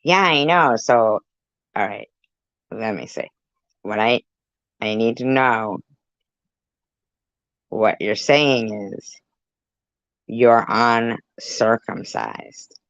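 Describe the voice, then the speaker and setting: A woman chatting on a livestream in an unhurried, drawn-out way, teasing her viewers crudely and breaking into laughter. The sound is dull and lo-fi, with a dry, close feel. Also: a bass voice, a bit bright, dry recording. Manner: crude, teasing, laughing often, reacts to comments with disgust. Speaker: livestream host reading chat. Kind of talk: casual livestream chat.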